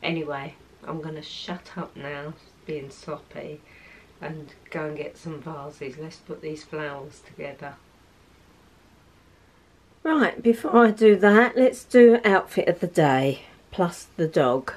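A woman in her sixties chatting casually on her lifestyle vlog, soft-spoken and heartfelt. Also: sits low, takes it slowly, a little hiss or hum, rough recording. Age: 60s. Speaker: lifestyle vlogger.

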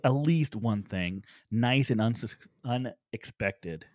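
A man's voice: mid-range voice, animated, slow, dry recording, studio quality. A man co-hosting a podcast, playful and rambling with many fillers. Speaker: podcast co-host. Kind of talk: casual chat.

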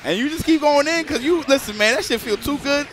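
A man's voice: extremely high pitch, brisk, a bit bright, a little hiss or hum. A man casually commentating a live stream, joking crudely and talking straight to the chat.

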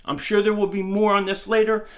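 A man talking in a casual sports vlog, excited and rambling, his speech slurred because half his face is numb from the dentist. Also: high-pitched, a little fast. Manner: excited, rambling, repeats himself. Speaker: sports vlogger.

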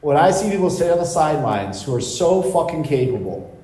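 A man's voice: fairly high pitch, very animated, a little fast, warm tone. A man, a business coach, challenging his client bluntly and with lots of swearing on a video call. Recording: echoey video call audio.

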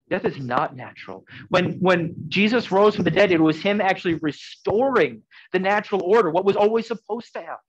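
A man preaching a sermon in an earnest, conversational way, swinging from loud emphasis to soft, quiet lines. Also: on the high side, highs cut off. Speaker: pastor.

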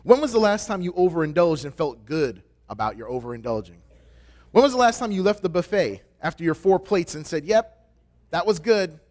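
A man delivering a sermon as a pastoral intern, conversational and joking, acting out quoted voices with big swings in pitch. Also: sing-song, brisk, a little mellow.

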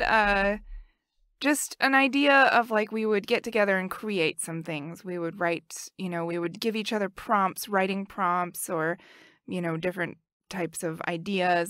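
Bright, chatty woman podcast host. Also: on the low side, fairly even intonation, unhurried, no room sound, studio quality. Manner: chatty, laughs often, upbeat. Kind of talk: casual chat.

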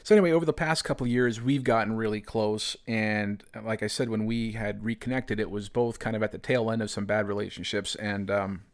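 Rambling storytelling man, lowish voice. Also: fairly even intonation, a little fast, few pauses. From United States. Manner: rambling, heavy use of "you know" and "man". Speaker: podcast host. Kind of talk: casual storytelling.

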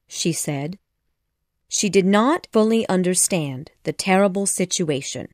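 A woman narrates a storybook with expressive, measured delivery. She reads slowly with a lively, rising and falling pitch, and the recording is close and dry. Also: no echo. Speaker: audiobook narrator.

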